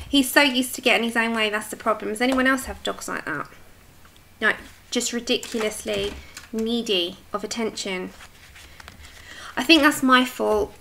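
Casting: woman, bright chatty livestream host, slightly high, faint noise behind. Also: measured pace, creaky, long pauses. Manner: chatty, reads comments aloud, coos at her dog. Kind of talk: casual chat with live chat. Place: home, at her desk.

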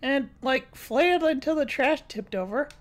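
A woman's voice: high-pitched, animated, normal speed. A woman reading as a blunt goofy young cat. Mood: wry.

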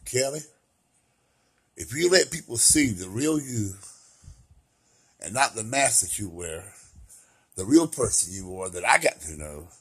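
A man doing a soft-spoken, low-voiced best friend. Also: sing-song, unhurried, pauses often, breathy edge, exaggerated voice. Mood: gentle. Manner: low, gentle, soothing. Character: calm, soft-spoken male best friend giving advice.

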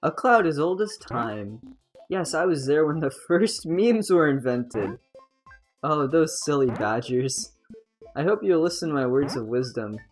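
A woman's voice: deep voice, lively intonation, unhurried, a little mellow, soft background music. A woman voicing an ancient, wise old male cloud, reading game dialogue in a mock-grand tone.

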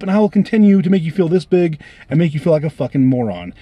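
A man's voice: fairly high pitch, animated, fast talker, mellow, husky, no room sound. A man telling a story as an angry, profane rant, heated and repetitive as he vents to his viewers. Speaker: vlogger.

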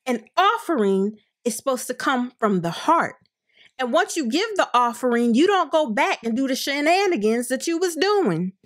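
A woman co-hosting a casual review chat, talking frankly with drawn-out emphasis. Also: sits high, very animated. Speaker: co-host of a reality TV review show.

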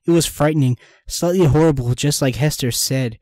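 Man co-host, comic read-aloud, teasing and quick to laugh, dry close sound. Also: a little high, warm tone, no echo. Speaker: co-host reading fan fiction aloud. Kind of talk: comedic read-aloud with banter.

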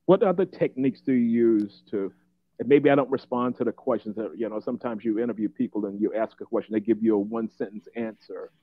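A man's voice: fairly low pitch, quick pace, no echo, phone-quality sound. A man hosting an interview, asking questions casually and often murmuring agreement. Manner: frequent affirming backchannels. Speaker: interview host.

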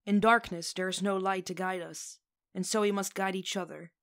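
A woman voicing a calm, earnest coven leader who speaks slowly and solemnly. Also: mid-range voice, lightly acted. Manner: slow, solemn speech-making.

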